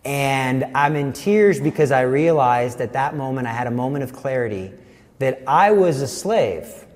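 A man's voice: mid-range voice, expressive, moderate pace, long reverb tail. A man giving an earnest personal faith testimony, telling his story vividly.

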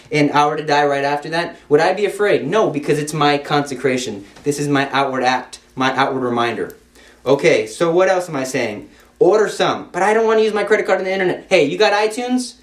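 Man, preacher, impassioned sermon, emphatic, rhetorical questions, slightly high voice, reverberant room. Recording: roomy echo.

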